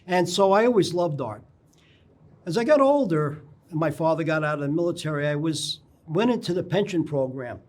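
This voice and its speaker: An older man, a guest on a local TV interview, telling anecdotes in a rambling way and often clearing his throat. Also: a little high, expressive, moderate pace. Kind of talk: casual interview storytelling. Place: local TV studio.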